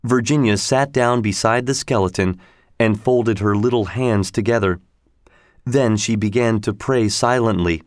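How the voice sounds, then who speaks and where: A man narrating a storybook in a steady, measured reading. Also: on the low side, no echo, clean studio sound.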